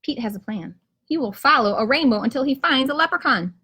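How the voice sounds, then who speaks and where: A kindergarten teacher reading a picture book aloud to children on a live stream from home, with lively storytelling. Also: female voice, high voice, brisk, husky. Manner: lively storytelling, rhymes read with bounce. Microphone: camera or phone on a live stream.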